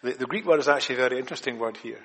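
A man delivers a sermon in a church with a long echo trailing after his words. His voice sits at a middle pitch. He builds to loud, emphatic points, then drops to hushed, quiet lines. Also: racing. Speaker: preacher. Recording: long hall reverb.

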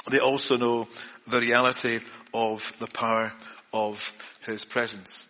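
A man's voice: medium pitch, sharp tone. A man preaching an evening church sermon in an earnest way, often repeating words and restarting. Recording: long reverb of a church hall.

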